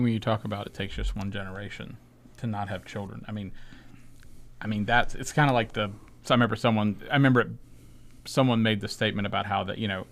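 A man co-hosting a church podcast, talking in a rambling way and often asking "you know what I mean". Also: on the low side. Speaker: podcast co-host. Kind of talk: religious discussion podcast.

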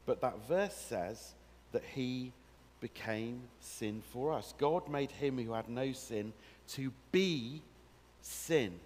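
Male preacher, mid-pitched, animated storyteller, long church-hall reverb. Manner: animated storytelling, acting out scenes with the congregation. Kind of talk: sermon.

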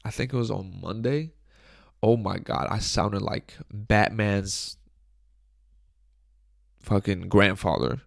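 A young man with a cold hosts his podcast alone, his voice low, hoarse and full of gravel. He rambles and jokes crudely in a loose, casual way. He is close on the mic, and the sound is dry. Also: slow, pauses often, dry recording. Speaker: podcast host. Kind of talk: casual solo podcast chat. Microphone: studio microphone, close.

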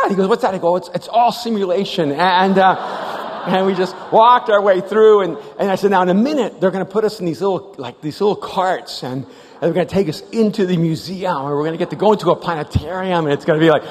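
A man's voice: sits high, fairly quick. A man preaching a sermon, telling stories animatedly, acting out the voices and often restarting his sentences. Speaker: pastor. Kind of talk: sermon storytelling. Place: large church hall. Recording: live church hall with reverb.

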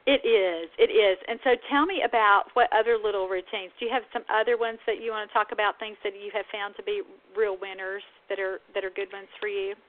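Southern-accented woman host, chatty and upbeat, middle pitch, heard over a thin phone-like line. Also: fairly even intonation, brisk, hardly any pauses. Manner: chatty, enthusiastic, frequent restarts. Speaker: podcast host, speech-language pathologist. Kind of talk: casual professional chat.

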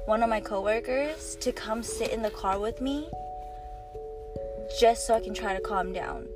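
A woman's voice: fairly high pitch, moderate pace, over music. A young woman guest on a podcast, telling stories in laid-back slangy chat. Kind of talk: casual chat.

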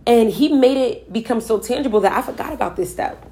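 A woman's voice: on the high side, brisk, warm tone. Earnest woman sharing a spiritual story. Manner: earnest, emphatic, conversational with repeats. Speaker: spiritual speaker. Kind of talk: personal storytelling about manifesting.

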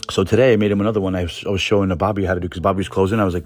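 Low husky man, rapid rambling swearing monologue, faint music behind. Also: steady tone. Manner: rambling, profane, full of restarts. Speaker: podcast host. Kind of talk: casual storytelling monologue.

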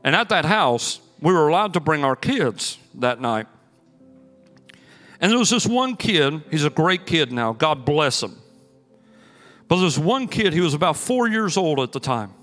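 A man's voice: fairly high pitch, unhurried. Preaching man in an echoing church. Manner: energetic, storytelling preacher with rising emphatic bursts. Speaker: pastor. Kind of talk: sermon. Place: church sanctuary. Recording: long hall reverb with faint music.

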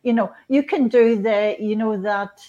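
A woman in her fifties from Northern Ireland, a guest on an interview show, talking earnestly and gently with frequent restarts and soft laughs. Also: on the high side, a little slow, lo-fi sound. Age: 50s. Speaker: guest, spiritual author. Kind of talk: conversational interview.

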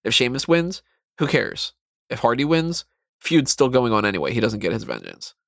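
A man talking casually as a podcast co-host, animated and rambling, with mocking asides. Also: mid-range voice, moderate pace, creaky, dry recording, clean studio sound. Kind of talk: casual wrestling chat.

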